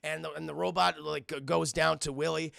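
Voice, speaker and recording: A man's voice: on the high side, fairly even intonation, creaky, sharp tone, no room sound, clean studio sound. A man streaming a casual, rambling cartoon episode recap, swearing, talking to his chat and briefly acting out characters' lines. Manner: acts out characters' lines in quick voices.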